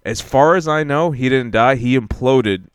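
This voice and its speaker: A man's voice: medium pitch, moderate pace, smooth, dry recording. A man hosting a casual podcast, joking in a laid-back way and laughing often. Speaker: podcast host. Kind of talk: casual chat.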